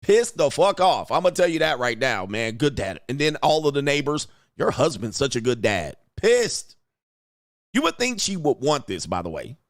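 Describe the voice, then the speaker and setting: A man hosting a livestream, ranting casually and profanely while acting out quotes in animated bursts. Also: on the high side, normal speed. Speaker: livestream host. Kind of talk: casual commentary rant.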